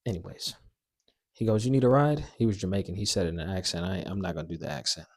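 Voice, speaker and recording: A young man with a fairly low voice tells a story in a loose, slangy way. He jumps around with animated bursts and pokes fun at himself as he goes. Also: fairly quick, pauses often, no echo, studio quality. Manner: animated, slangy, self-mocking. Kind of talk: casual story time.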